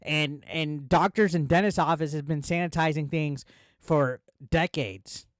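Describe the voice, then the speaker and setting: A man's voice: on the high side, measured pace, dry recording, studio quality. A man ranting on a casual live stream, heated, swearing a lot and repeating himself. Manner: profane, heated ranting with filler words.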